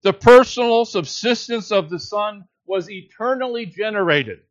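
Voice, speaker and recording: A man preaching a sermon, earnest and measured, teaching a scripture passage with emphatic quotes. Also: sits high, lively intonation, no echo, dull audio.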